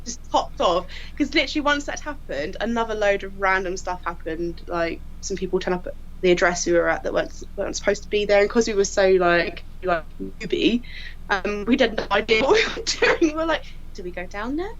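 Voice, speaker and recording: A woman tells work stories in a bright, animated way, jumping into other people's voices. Her pitch sits in a middle range. The podcast audio sounds a little dull. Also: a little fast. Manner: lively, laughing storyteller who acts out quotes. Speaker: crime scene investigator guest. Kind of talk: casual anecdote telling.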